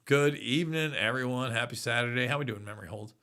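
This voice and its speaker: Host, forties, male, bright forceful tone, loose chatty delivery, reads chat aloud. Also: mid-range voice, fast talker. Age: 40s. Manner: rambling, reads viewer comments aloud. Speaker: livestream host. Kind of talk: casual live chat.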